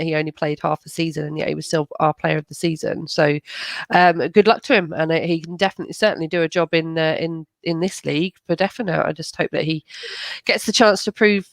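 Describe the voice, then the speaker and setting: A woman's voice: sits low, a little fast, no echo. A woman talking as a guest on a casual fan show over a video call, hesitant with plenty of fillers. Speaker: pundit guest. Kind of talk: casual opinion chat.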